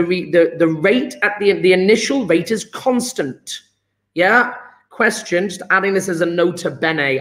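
Male chemistry teacher, upbeat and chatty, high-pitched, roomy echo on a computer mic. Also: a bit bright. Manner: chatty, encouraging, quizzes students by name. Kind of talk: live online lesson. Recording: echoey room.

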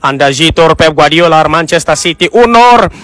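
A Nigerian man running excitable, sing-song mock football commentary. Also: fairly high pitch, fairly quick, no echo.

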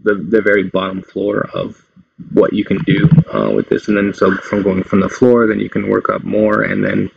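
A man's voice: on the low side, little pitch movement, normal speed, gravelly, breathy edge, no room sound. A man hosting a casual tech tutorial, explaining things in a loose, meandering way. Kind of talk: casual screen-recorded tutorial. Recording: dull lo-fi dry sound.

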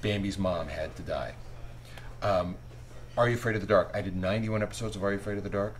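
A man's voice: fairly low pitch, fast, rough recording. A middle-aged man, an author, talking casually in an interview and animatedly acting out small scenes as he tells stories. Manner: animated storyteller who acts out little scenes. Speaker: author interviewed about his books. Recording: faint ambient noise.

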